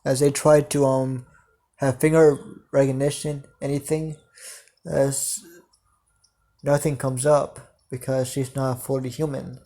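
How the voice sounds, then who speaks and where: A man's voice: mid-range voice, level tone, a little slow, pauses often, dark tone. A man narrating an improvised fan story, hesitant and full of fillers.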